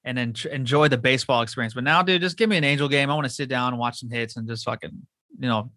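A Southern Californian man hosts a loose, casual chat, swearing freely and talking in slang. He speaks fast, with a bright, forward voice. The sound is dry and close. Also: mid-range voice, no echo. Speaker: podcast host. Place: home.

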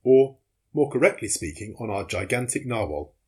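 A man doing a blunt, steady harpooner. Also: mid-range voice, normal speed, husky. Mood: matter-of-fact.

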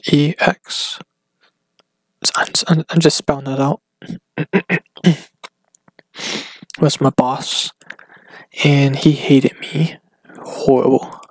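A man rambles through his solo podcast from home in a gravelly voice that sits in an ordinary mid range. He stops and restarts his sentences often and fills the gaps. The sound is close and dry, with no room echo. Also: mid-range voice. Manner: hesitant, halting, full of restarts and fillers. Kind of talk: rambling casual monologue.

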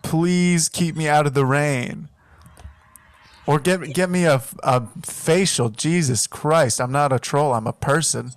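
A man's voice: on the high side, measured pace, no room sound. A man doing a grumpy ranting bridge troll. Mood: exasperated rant. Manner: ranting, exasperated. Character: grumpy male bridge troll fed up with riddles.

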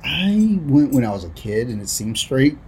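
A man's voice: mid-range voice, sing-song, normal speed, a little mellow, slight background noise. A young adult man co-hosting a podcast, talking in a casual, crude, joking way and swearing a lot. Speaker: podcast co-host. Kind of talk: casual chat.

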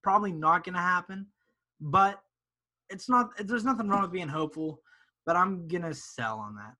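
Man, high voice, bright tone, emphatic, casual podcast co-host. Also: expressive, moderate pace. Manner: ranting, emphatic. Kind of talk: casual sports podcast chat.

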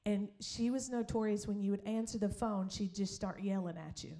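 A woman's voice: mid-range voice, normal speed, mellow. A woman pastor preaching in a storytelling way. She laughs often and acts out other people's voices. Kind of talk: sermon storytelling.

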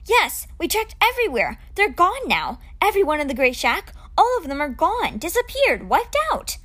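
Woman reading as an upset teen boy, loud, high, insistent. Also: wildly swooping pitch, moderate pace, full character voice. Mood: agitated.

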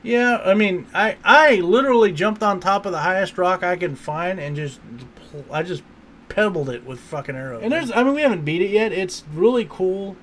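A man with a notably high voice chats loosely about a multiplayer game, swearing often and slipping into voiced quotes of friends. The talk is rambling and lively, with a faint hiss underneath. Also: moderate pace. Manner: animated storyteller who acts out quotes, swears freely. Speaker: gamer recounting a playthrough. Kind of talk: casual chat.

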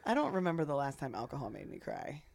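A woman's voice: sits low, big pitch swings, fast, creaky, darkish tone. A woman in her thirties co-hosting a podcast, laughing often and teasing her co-host in casual chat. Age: 30s.

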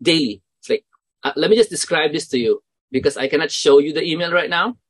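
Filipino-accented guy teaching, animated, keeps asking the audience stuff, tagalog bits mixed in, dry close mic. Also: fairly high pitch, slightly rough, no room sound. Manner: animated, asks listeners questions; code-switches with quick Tagalog asides. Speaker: mentoring course instructor. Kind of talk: casual spoken lesson.

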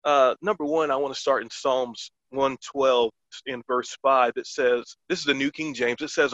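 A man's voice: mid-range voice, fairly even intonation, normal speed, a bit bright, no echo, lo-fi sound. A man hosting a Christian podcast, talking earnestly and eagerly, opening with a prayer and reading verses, with many fillers. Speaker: podcast host.

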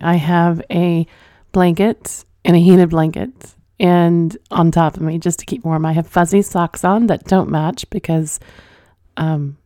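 Woman, podcast host, casual monologue, frank and playful, lowish voice, dry close sound. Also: warm tone, no room sound. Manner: frank, playful, laughs often. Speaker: podcast host reading listener confessions. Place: at home under blankets.

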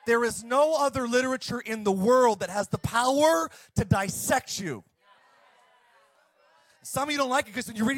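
A middle-aged male pastor preaching a sermon, fired up and shouting at times, then dropping to a soft storytelling voice. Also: extremely high pitch, moderate pace, dry recording.

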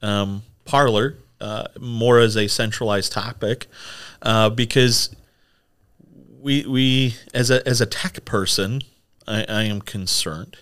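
A man's voice: fairly low pitch, fairly even intonation, slow pace, a bit bright, smooth. A man co-hosting a casual tech podcast, chatty and rambling with lots of fillers. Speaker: podcast co-host. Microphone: studio microphone.

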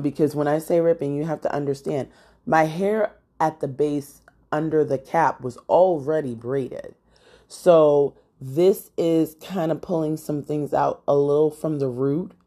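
A young woman podcast host telling a casual story in an animated, exasperated way, full of fillers. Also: sits low.

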